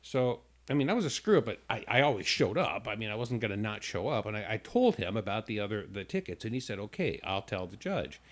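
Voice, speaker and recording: A man's voice: lowish voice, big pitch swings, fast, hardly any pauses. A man hosting a radio talk show who tells a long personal story casually, with stumbling restarts, and acts out the people in it.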